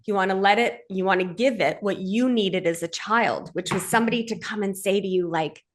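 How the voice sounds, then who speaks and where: A woman with a mid-range voice speaks fairly quickly as an earnest, direct podcast host and men's coach. In this conversational podcast teaching, she checks in with the listener, asking "right?"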